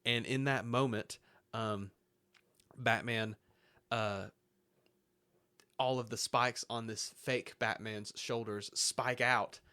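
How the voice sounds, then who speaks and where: A man co-hosting a casual podcast, recapping a comic book in an animated way and laughing often. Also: mid-range voice, slow pace, clear, resonant tone. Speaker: podcast co-host. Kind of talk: casual chat.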